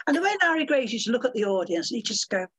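An older woman telling lively anecdotes as an interview guest, theatrical and calling people dear and my love. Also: fairly high pitch, racing, slightly rough.

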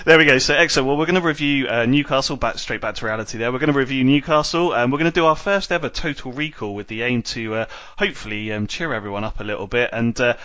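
A man's voice: medium pitch, quick pace, few pauses, bright, forceful tone, dull audio. A man hosting a casual football podcast, teasing his co-hosts in a jokey way. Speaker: podcast host.

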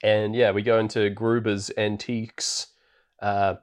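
A man's voice: lowish voice, flat delivery, unhurried. Laughing, rambling man chatting about a film. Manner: rambling, laughs often, many fillers. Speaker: podcast co-host. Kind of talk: casual film-review chat.

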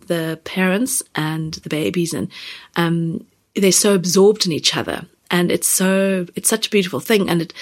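A woman in her thirties or forties hosting a podcast, speaking gently and haltingly about personal feelings, close to tears. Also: on the low side. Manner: gentle, halting, many fillers and restarts. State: near tears. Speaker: podcast host. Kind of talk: reflective personal podcast talk.

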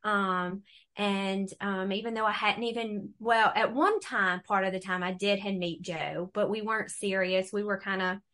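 A middle-aged woman telling her faith testimony in a relaxed conversation, animated and acting out the voices she quotes. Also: medium pitch, normal speed. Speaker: guest.

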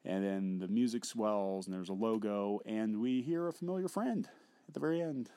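A man's voice: fairly low pitch, moderate pace, mellow, clear, resonant tone, dry recording. A man co-hosting a podcast in casual chat, rambling and hesitant with many fillers. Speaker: podcast co-host.

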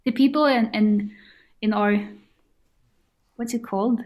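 A woman's voice: fairly high pitch, fairly even intonation, a little slow, a little mellow. A woman guest whose first language is Swedish and whose English carries a Scottish-sounding accent; she answers casually and sometimes searches for words. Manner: searches for words, hesitant restarts. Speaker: band member guest.

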